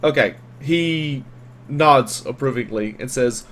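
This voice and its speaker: A man running a tabletop role-playing game as game master, narrating in a relaxed, chatty way with fillers. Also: mid-range voice, unhurried, slight background noise.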